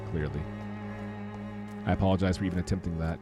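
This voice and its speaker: A man's voice: fairly low pitch, expressive, fast talker, music in the background. A man streaming a video game, chatting casually and mocking himself as he plays. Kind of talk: casual gameplay commentary.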